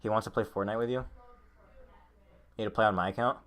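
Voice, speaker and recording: A young adult man co-hosts a casual podcast chat, rambling and swearing with lots of filler words while he has the hiccups. He talks fast in a lowish, steady voice with a fairly bright tone.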